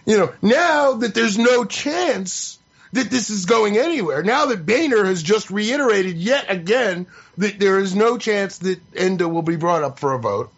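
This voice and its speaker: An opinion podcast host vents in an exasperated, sarcastic, profane rant, heard through slightly muffled lo-fi audio. His high voice is expressive and a little slow.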